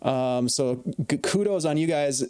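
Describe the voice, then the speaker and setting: A man narrating as dungeon master in a relaxed, chatty way, with many fillers. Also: on the high side, a little slow, smooth. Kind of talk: narrating a tabletop game.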